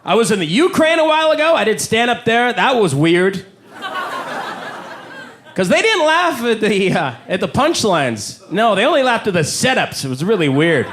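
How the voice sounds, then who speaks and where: A very animated Canadian comedian with a high voice performs a live stand-up set at a comedy club, wry and conversational, slipping into quick voices for his bits. The live recording is noisy, with a loud crowd, audience laughter and room ambience.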